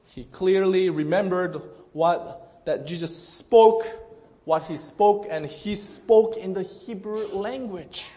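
A man's voice: high-pitched, takes it slowly, mellow. A male pastor preaching an earnest, emphatic sermon to a congregation, often restarting his phrases.

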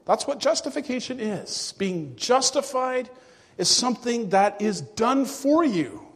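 A male pastor preaching a sermon to his congregation, earnest and emphatic, with hushed drops. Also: very high voice, big pitch swings, measured pace, slightly rough, in a large hall. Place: church.

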